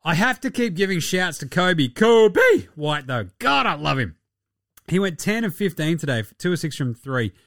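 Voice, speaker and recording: An Australian man holds forth on sports with a loud, mocking bite and plenty of swearing. His voice sits a little high and swings widely up and down. The sound is close and dry, with no room echo. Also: big pitch swings, moderate pace. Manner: profane, rowdy and mocking. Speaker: podcast host. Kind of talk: casual sports podcast commentary.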